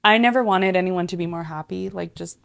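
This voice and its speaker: Young woman, gravelly, rambling casual chat. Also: on the low side, brisk, fairly bright tone, dry recording. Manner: rambling, profane, heavy use of "like". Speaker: podcast host.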